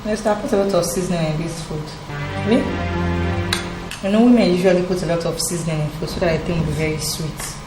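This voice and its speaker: A woman's voice: on the low side, fairly even intonation, quick pace, natural voice. An actress playing a pushy, scheming young woman with a Nigerian accent, insistently pressing favors in a wheedling way. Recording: echoey room with loud film music.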